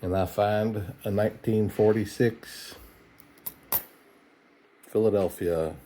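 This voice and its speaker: A man's voice: lowish voice, fairly even intonation, slow pace, dark tone, slight background noise. A middle-aged man, tired and yawning, chatting in an easygoing, folksy way while he searches coin rolls late at night at home. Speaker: coin roll hunter. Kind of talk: casual narration while searching coins.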